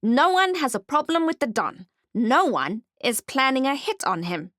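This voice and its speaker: A sly goblin woman with slimy lips and dirty needle teeth, dodging every question in a high, pushy voice, as a woman reads her. She sounds evasive and snappish, pitched well above a plain speaking voice, in a dry, close audiobook recording. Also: big pitch swings, moderate pace, fairly bright tone, no echo. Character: greedy scheming female goblin informant.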